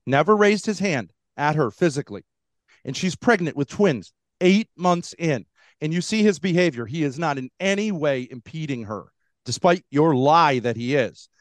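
A man in a heated online debate, talking over opponents and mocking them in put-on voices. His voice sits slightly high for a man and sounds dry and close. It comes through a video call. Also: lively intonation, moderate pace, no room sound. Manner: combative, mocks others in put-on voices.

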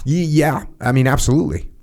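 A man's voice: mid-range voice, a little fast, a little mellow. A man hosting a podcast, talking casually and acting out short quoted exchanges to make his points. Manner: plain-spoken, acts out short quoted dialogues. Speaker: podcast host.

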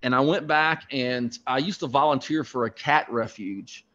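A middle-aged man, a podcast guest, telling rambling, animated anecdotes in casual chat. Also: medium pitch, moderate pace. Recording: dull lo-fi sound.

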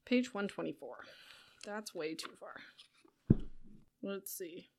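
A woman's voice: mid-range voice, expressive, slow. A woman hosting a podcast in casual chat, giggly and scattered, often breaking into laughter and restarting her sentences. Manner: scattered, self-interrupting, restarts. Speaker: podcast host. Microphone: desk mic close by.

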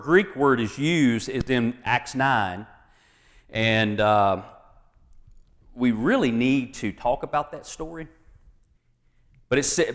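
A man's voice: medium pitch, big-room sound. A man preaching a sermon as pastor, reading scripture with folksy asides and jokes to the congregation.

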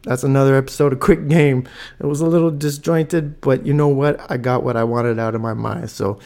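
A man in his thirties hosting a solo podcast, telling a rambling story with excitement and swearing freely. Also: medium pitch, fairly quick. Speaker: podcast host.

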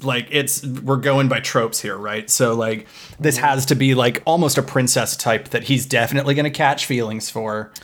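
Man, podcast co-host, loose jokey movie recap, even middle pitch. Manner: joking, retells plot in quick mock voices. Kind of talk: casual comedic movie recap chat.

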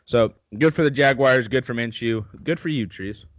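A man's voice: medium pitch, moderate pace, dry recording. A man co-hosting a casual sports podcast, joking and laughing often as he talks. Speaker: podcast co-host.

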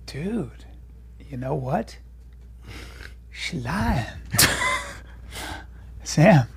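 A man with a high, husky voice and a gravelly edge stammers through casual podcast banter. His pitch swings widely as he defends himself. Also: huge pitch swings, drawn-out words, fairly bright tone. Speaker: podcast co-host.

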